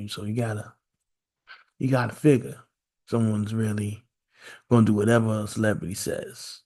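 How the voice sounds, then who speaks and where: A man's voice: fairly low pitch, warm tone. A man hosting a solo podcast, musing aloud in a casual, repetitive way and firing off one rhetorical question after another. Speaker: podcast host.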